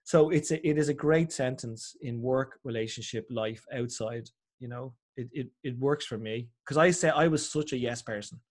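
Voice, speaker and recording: A middle-aged Irish man chatting as a podcast guest, telling animated stories and acting out other people's voices. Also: medium pitch, normal speed, few pauses. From Ireland. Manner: animated storyteller, acts out voices. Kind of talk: casual chat.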